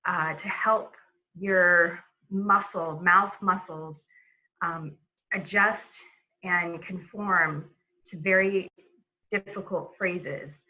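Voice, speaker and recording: A woman giving a relaxed webinar lesson on a video call, talking casually with many fillers and restarts. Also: lowish voice, low-quality recording. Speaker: presenter.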